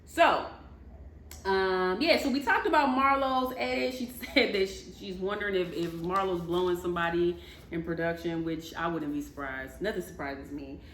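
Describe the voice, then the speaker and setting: A woman giving animated, casual gossip commentary to her viewers, laughing often and talking to them directly. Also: on the low side, moderate pace, echoey room, a little hiss or hum. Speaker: commentary vlogger.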